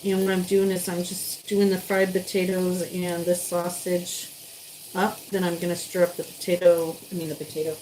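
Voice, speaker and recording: A woman's voice: fairly low pitch, flat delivery, moderate pace, a little mellow, a little hiss or hum, rough recording. A woman chatting to her viewers while she cooks on a live stream, sometimes stepping away from the mic. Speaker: live-stream cooking host. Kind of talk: casual live-stream cooking chat.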